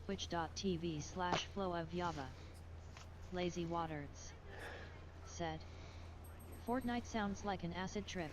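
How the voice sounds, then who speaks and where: A synthetic woman's voice reading out chat messages and stream alerts in a flat, even way. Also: fairly low pitch, takes it slowly, pauses often. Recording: muffled audio with loud hiss.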